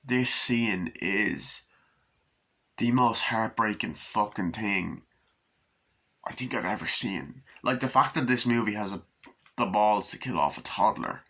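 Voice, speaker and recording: A man giving a casual, rambling movie review, swearing freely and acting out scenes in high put-on voices, recorded on a camera mic. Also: animated, moderate pace, a bit bright.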